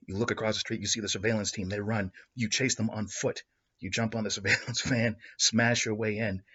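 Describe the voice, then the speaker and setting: A man hosting a podcast, improvising a story in an excitable, rambling way. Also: on the low side, breathy edge. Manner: excitable, rambling, with restarts and laughs. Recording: dull lo-fi recording.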